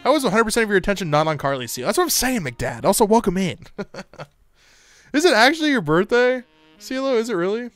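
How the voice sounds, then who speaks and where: A man chatting casually on a live stream, teasing his viewers and breaking into laughs. His pitch rises and falls in lively swings. Faint music plays underneath. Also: fairly quick, no room sound. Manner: joking, talks to chat, lively bursts of laughter.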